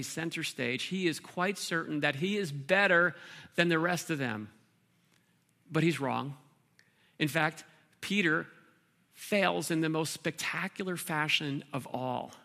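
A man preaching a sermon as pastor, earnest, with pauses and repeated words. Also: a little high, vocal fry, bright, forceful tone.

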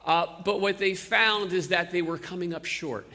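Bright-voiced New York pastor preaching. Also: male voice, high voice, steady tone, moderate pace. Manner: conversational storytelling with frequent uh and restarts. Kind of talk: sermon. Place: church sanctuary. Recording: long reverb of a large hall.

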